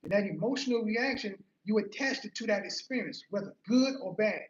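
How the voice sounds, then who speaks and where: High-voiced man giving an earnest motivational talk. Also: expressive, fairly quick. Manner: earnest, storytelling, repeats phrases for emphasis. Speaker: motivational speaker. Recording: roomy, slightly muffled.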